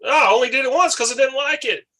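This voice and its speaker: A man's voice: very high-pitched, fast talker, sharp tone. A man in his forties in a casual beer podcast, defending himself with laughs. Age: 40s. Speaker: podcast guest. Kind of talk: casual chat over beers.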